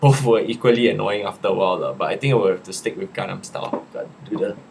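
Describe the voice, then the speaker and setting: A young Singaporean man in a casual live chat, reading viewers' questions aloud and answering them in a relaxed, chatty way. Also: fairly low pitch, fast talker, gravelly, a little hiss or hum.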